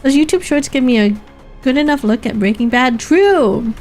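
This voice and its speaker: A woman's voice: high voice, animated, moderate pace, a little mellow, faint music behind. A woman from Canada streaming a game, chatting casually and laughing often as she talks. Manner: giggly, laughs often, restarts mid-sentence. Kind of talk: casual gaming stream chat.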